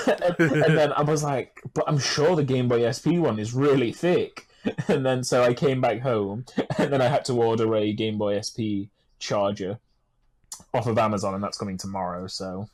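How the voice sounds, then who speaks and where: A man's voice: mid-range voice, fairly even intonation, moderate pace, a little mellow. A young British man co-hosting a podcast with a friend. He jokes and teases his co-host and laughs often. He tells his own small mishaps in a casual, offhand way. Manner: joking, teasing banter with frequent laughter. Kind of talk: casual chat.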